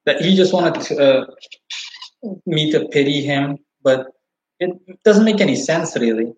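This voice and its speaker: A man's voice: fairly high pitch, unhurried. Rambling, cursing man livestreaming in a roomy room. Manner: rambling, profane, animated retelling. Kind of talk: casual livestream storytelling. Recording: roomy, slightly dull sound.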